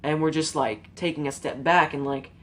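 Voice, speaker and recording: A woman's voice: low voice, steady tone, normal speed. A woman giving an earnest, rambling opinion monologue to her viewers, casual and emotional, with fillers and some swearing. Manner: rambling, informal, with frequent fillers and mild swearing. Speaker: YouTube commentator.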